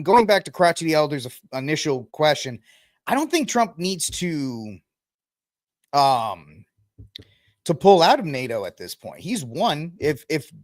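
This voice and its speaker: A male podcast host riffs through the news in a loose, rambling way, full of ums and self-corrections. His voice sits fairly high for a man. The sound is dry and close. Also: no echo. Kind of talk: casual news commentary livestream.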